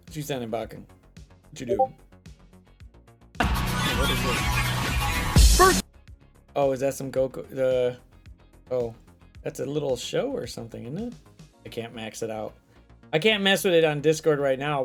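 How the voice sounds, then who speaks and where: A man with a notably high voice hosts a late-night chat. He tells his stories in an animated rush, swearing freely. Faint music plays underneath. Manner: animated, profane storytelling. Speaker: host. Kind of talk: casual chat.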